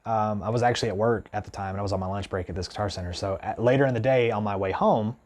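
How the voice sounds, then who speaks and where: A fairly low-pitched male voice races along as a guitar vlogger tells his camera an outraged story. It's casual and rambling, thick with "like" and "you know," and he keeps breaking off to restart in animated indignation.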